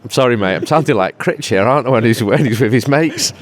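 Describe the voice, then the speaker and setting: A man's voice: medium pitch, animated, fast talker. A man as a regular pundit in casual podcast chat, joking and rambling before turning rousing. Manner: jokey, rambling, then rousing.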